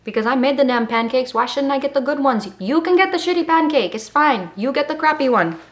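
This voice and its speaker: A woman's voice: high-pitched, animated, a little fast. Young woman, early twenties, slight Miami accent, sassy and joking, casual vlog at home, camera mic. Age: early 20s. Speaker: vlogger. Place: home in California.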